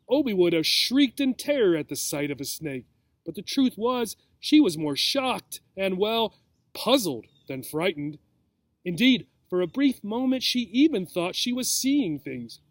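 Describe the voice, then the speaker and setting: A man reading a children's chapter book aloud with expressive storytelling. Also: high voice, dry recording. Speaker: reader.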